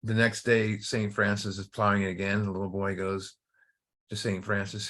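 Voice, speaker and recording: A man's voice: lowish voice, flat delivery, moderate pace, fairly bright tone. A middle-aged man hosting a recovery study group, telling a story and teaching in a casual, conversational way, often repeating and restarting words.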